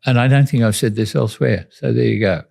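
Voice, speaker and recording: An older Australian man, a retired diplomat, recounting anecdotes in an interview in a measured way with restarts. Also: mid-range voice, vocal fry, darkish tone. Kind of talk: interview storytelling.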